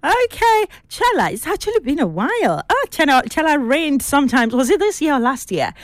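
Lively woman radio host. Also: high voice, no echo. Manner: brisk, upbeat, chatty with callers. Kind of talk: live radio request show.

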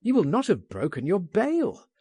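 A man voicing an urgent, impatient friend pleading and insisting, raised and animated in a storybook reading. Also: high-pitched, normal speed, husky, no room sound, clean studio sound, voice pushed up, heavily acted.

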